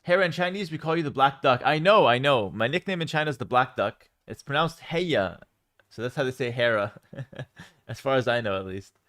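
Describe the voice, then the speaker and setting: A young man from Canada chats casually with his livestream audience from home. He rambles as he reads out questions and answers them, filling pauses with ums and repeated words. His voice sits at an ordinary middle pitch for a man. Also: expressive, a bit bright. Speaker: streamer answering chat.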